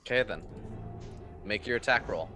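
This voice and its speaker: A man's voice: lowish voice, normal speed. A man narrating as game master for a tabletop game, casual and profane, laughing often. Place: live stream. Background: music.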